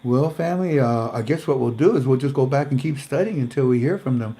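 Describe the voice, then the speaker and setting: A man hosts a casual, faith-based livestream. His voice sits at a middle pitch. He rambles in a folksy way and calls his viewers family. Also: fast, mellow, a little hiss or hum. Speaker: host.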